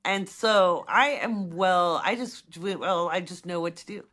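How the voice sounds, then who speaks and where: A middle-aged woman co-hosting a podcast, chatting casually and rambling through stories in an animated way. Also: lowish voice, measured pace. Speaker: podcast co-host.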